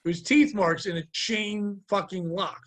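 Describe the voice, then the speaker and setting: Middle-aged podcast host, high-pitched man, rambling and profane, animated casual storytelling. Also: a little slow. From Connecticut.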